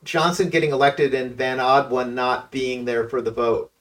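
A man's voice: medium pitch, little pitch movement, normal speed, a bit bright, far from the mic. A man appearing as a political consultant guest on a talk radio show, blunt and emphatic with hesitant starts.

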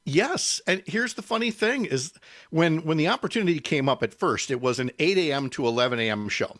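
A man's voice: on the high side, expressive, a little fast, fairly bright tone, no echo, clean studio sound. An older man, a radio host and interview guest, chatting casually and telling stories with self-deprecating humor.

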